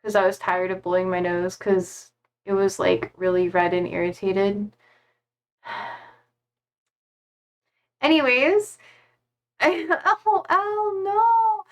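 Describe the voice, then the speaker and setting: A woman's voice: medium pitch, slow, pauses often. A woman live-streaming from home, chatting casually and rambling with lots of fillers as she reads viewer comments aloud into a desk mic.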